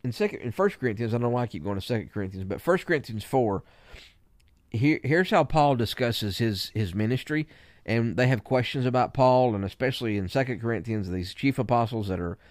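A male preacher talking to other preachers, halting and repeating words with many fillers, and raising his emphasis when he reads scripture aloud. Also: on the low side, darkish tone, dry recording, clean studio sound. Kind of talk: teaching talk to preachers.

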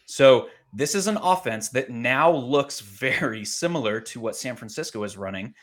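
A man co-hosting a fantasy football podcast, talking in a measured, analytical way with many pauses and ums. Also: mid-range voice, expressive. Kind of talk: casual sports analysis chat.

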